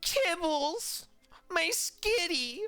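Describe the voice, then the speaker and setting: A man voicing a small, upset little girl in a high, whiny, sobbing voice. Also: very animated, slow, pushed and bright, clean tone, no echo, faint music behind, full character voice. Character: crying little girl who lost her pet.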